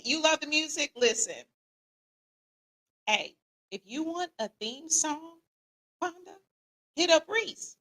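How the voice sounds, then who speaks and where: A middle-aged woman, hosting a casual livestream and greeting viewers in a lively, slangy, playful way. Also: high voice, takes it slowly, pauses often. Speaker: podcast host.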